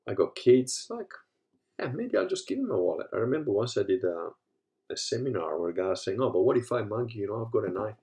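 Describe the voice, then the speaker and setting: Brief: man, 50s, from Africa, low-pitched, casual profane storyteller who shifts from mutters to loud bursts. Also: very animated, fast. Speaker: host. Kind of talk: casual monologue.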